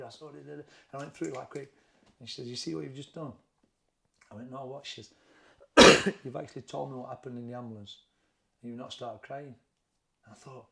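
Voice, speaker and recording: A middle-aged man with a Sheffield accent, talking candidly and haltingly in an interview, often repeating words as he recalls events. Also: medium pitch, vocal fry, a bit bright. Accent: Sheffield, Yorkshire. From England. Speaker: boxing trainer, interview guest.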